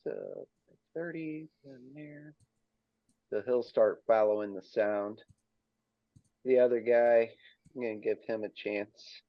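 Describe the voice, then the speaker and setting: A man's voice: medium pitch, slow pace, long pauses, no room sound, highs cut off. A man running a tabletop game as dungeon master, casual and matter-of-fact, laughing with his players.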